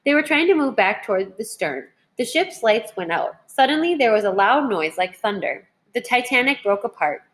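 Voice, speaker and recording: A woman teacher reading a children's history book aloud in a clear, measured way. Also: on the high side, very animated, fairly bright tone.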